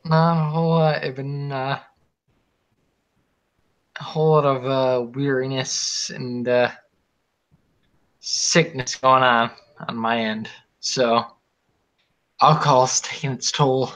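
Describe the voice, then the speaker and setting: A man's voice: mid-range voice, fairly even intonation, takes it slowly, pauses often, a bit bright. A drunk man hosting a casual online chat, slurring and mumbling through his words. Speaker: podcast host. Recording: dull lo-fi mic.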